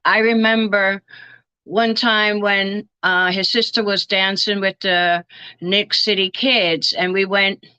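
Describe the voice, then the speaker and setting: A woman's voice: mid-range voice, steady tone, slow, sharp tone, clear, resonant tone, no echo. An older woman being interviewed, telling family stories and acting out the lines people said. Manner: storytelling, acting out quoted dialogue. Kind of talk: reminiscing interview.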